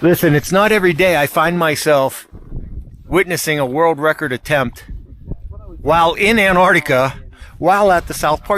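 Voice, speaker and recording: A man in his fifties with a Pittsburgh accent, hosting a travel show outdoors in the snow and asking jokey, excited questions. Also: a little high, normal speed, slight background noise. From Pittsburgh, USA. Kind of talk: enthusiastic on-location interviewing.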